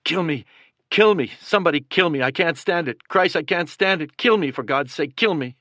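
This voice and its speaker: A man's voice: sits high, measured pace, a bit bright, dry recording, voice pushed up. A man voicing a badly wounded young soldier screaming and begging in agony, in an audiobook reading. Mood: screaming, desperate.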